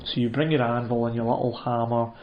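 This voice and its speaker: A man tells a comic story in a hesitant, rambling deadpan, tripping over restarts and fillers. His voice sits at a middling pitch. The sound is dull and muffled, with a roomy echo around it. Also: brisk. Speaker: comedian. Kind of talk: deadpan comedic monologue.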